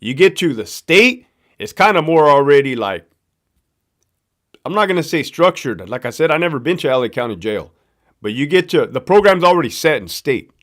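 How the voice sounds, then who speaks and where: Slangy Southern Californian man, lively. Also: on the high side, normal speed. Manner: slangy, profane, loose storytelling with lots of fillers. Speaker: livestream host, former prison guard. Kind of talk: casual live-stream chat reading viewer questions.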